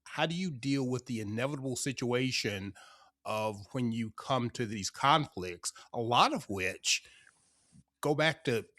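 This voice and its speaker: A man's voice: medium pitch, expressive, unhurried, pushed and bright, no echo, studio quality. A man hosting a podcast interview, asking thoughtful, searching questions. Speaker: podcast host. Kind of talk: interview conversation.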